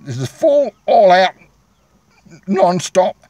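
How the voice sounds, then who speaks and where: Australian male vlogger, high-pitched, dry close sound, furious and repetitive rant. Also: expressive, normal speed, dry recording. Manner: angry, combative, repetitive. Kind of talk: angry direct-to-camera rant.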